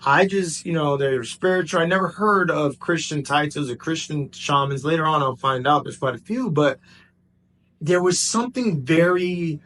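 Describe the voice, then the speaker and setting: A man telling a personal story in a casual, animated way, jumping between excited bursts and hushed asides. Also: a little high, normal speed. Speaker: vlogger.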